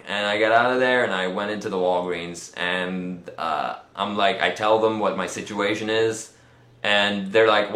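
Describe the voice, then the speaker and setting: Deep-voiced man rambling through a story. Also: moderate pace, pushed and bright, roomy sound. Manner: rambling, repeats words, many fillers. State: tired, nauseous. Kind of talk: casual storytelling.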